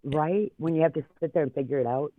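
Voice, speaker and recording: A man's voice: a little high, fast talker. A male co-host backs up the host with short, agreeing remarks in casual conversation. His voice comes through a tinny, phone-like line, and it sounds dry with no room echo. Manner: brief agreeing interjections. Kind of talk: casual chat.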